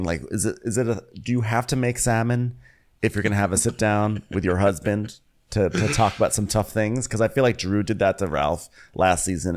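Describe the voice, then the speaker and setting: Animated man recapping reality TV. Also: lowish voice. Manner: animated, acts out quotes in exaggerated voices. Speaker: podcast co-host recapping a reality show. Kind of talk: casual chat.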